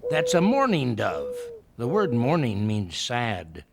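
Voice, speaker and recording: Crinkleroot, a slow, playful old woodsman. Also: mid-range voice, huge pitch swings, creaky, very noisy, exaggerated voice. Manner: slow, gentle, playful teaching. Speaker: woodland nature guide. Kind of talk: children's TV acting. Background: background music.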